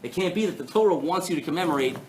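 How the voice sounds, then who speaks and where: A man giving a live Torah class, animated and playful, asking the audience rhetorical questions. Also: fairly high pitch, rapid-fire, slight background noise. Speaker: rabbi teaching a class. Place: synagogue hall before an audience.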